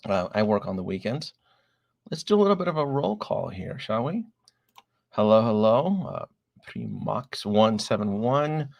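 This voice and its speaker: A man's voice: fairly low pitch, big pitch swings, measured pace, gravelly, a little mellow, no room sound. Stream host, middle-aged man, a bit breathless from a cold, chatty roll-call delivery, dry close sound. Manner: chatty, greets viewers one by one with filler "uh"s. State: recovering from a chest cold, a bit short of breath. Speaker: livestream host. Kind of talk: casual live-stream chat reading viewer names.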